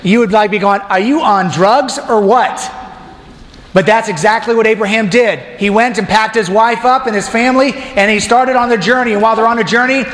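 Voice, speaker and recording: A man's voice: high voice, fairly even intonation, quick pace, hardly any pauses, a bit bright. A man preaching a sermon casually, joking with the congregation and talking to them directly. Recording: long hall reverb.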